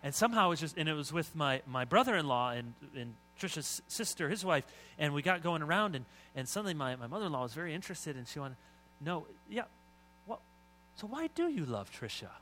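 A middle-aged male pastor preaches with a bright, forceful voice pitched a little high. He talks to the room conversationally, sometimes slipping into mock voices, then builds to emphatic lines. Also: expressive, fast, hardly any pauses, slight background noise. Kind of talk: sermon.

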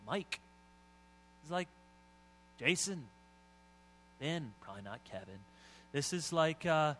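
A man's voice: a little high, a bit bright, slight background noise. A middle-aged man preaching a sermon as pastor, talking conversationally and rising to emphatic, building lines.

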